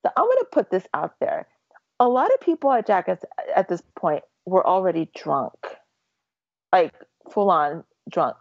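A woman telling a long story in casual chat, rambling and animated, with many fillers and restarts. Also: fairly low pitch, normal speed, vocal fry, no room sound, highs cut off.

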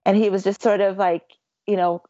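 A woman telling a long personal story about a race as a guest, talking in halting bursts with many restarts and becoming tearful at times. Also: medium pitch, level tone, dark tone, dry recording. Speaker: ultramarathon runner guest. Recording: dry, dull lo-fi audio.

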